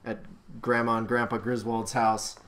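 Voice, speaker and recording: A young man chatting casually in a movie review, excitable and laughing often as he acts out scenes. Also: mid-range voice, normal speed.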